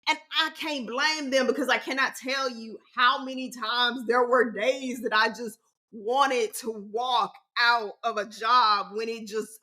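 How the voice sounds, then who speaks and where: A woman's voice: a little high, sharp tone. A woman in her forties hosting a podcast, talking in a sassy, slangy, emphatic way with big swings in her voice. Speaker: podcast host. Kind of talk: casual solo podcast talk.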